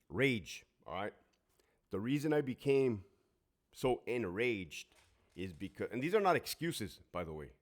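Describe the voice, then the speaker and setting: Middle-aged guy w a lowish voice, cussing a lot, just talking straight to camera about his past. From Southern California. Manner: blunt, heavily profane, emphatic. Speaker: former prison guard and military veteran. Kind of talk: casual storytelling monologue.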